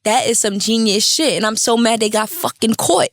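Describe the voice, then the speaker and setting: A woman's voice: a little high, fairly even intonation, no room sound, clean studio sound. Brash, profane New woman host. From Brooklyn, New York. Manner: brash, profane, quick to laugh. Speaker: podcast host. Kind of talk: casual chat.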